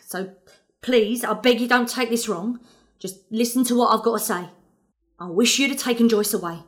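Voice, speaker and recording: Actress as an earnest Cockney mum in a radio play, somewhat high-voiced, rambling and apologetic. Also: female voice, natural voice. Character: working-class London mother, fond, grieving, earnest. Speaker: actor in an audio drama.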